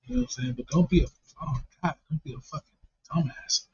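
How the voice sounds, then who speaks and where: Man, husky voice, slightly high, rambling profane banter, dull lo-fi recording. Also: big pitch swings, fast talker, mellow. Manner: rambling, repeats himself. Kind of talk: casual profane chat.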